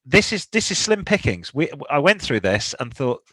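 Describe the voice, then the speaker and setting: A man's voice: a little high, big pitch swings, moderate pace, a bit bright, no echo, rough recording. A British man co-hosting a podcast, chatting casually and rambling through a listener's car problems. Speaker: podcast co-host. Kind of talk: casual car-advice chat.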